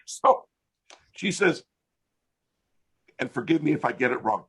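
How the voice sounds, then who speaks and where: An older American man telling a funny story in a relaxed interview, animated and laughing as he goes. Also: medium pitch, a little slow, slightly rough. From United States. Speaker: interview guest, hypnotist. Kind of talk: casual storytelling. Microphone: video call.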